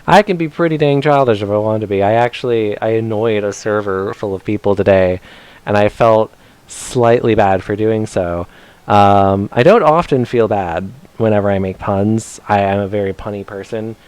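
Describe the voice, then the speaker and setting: Rambling male game streamer, lowish smooth voice. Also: darkish tone. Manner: rambling, chatty, with lots of fillers. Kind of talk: casual gameplay commentary.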